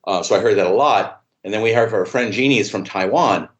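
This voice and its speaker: A man's voice: lowish voice, quick pace, lo-fi sound. A man talking as a podcast guest in a rambling, casual way, full of "you know" and freely swearing. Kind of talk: casual conversation. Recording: echoey room sound.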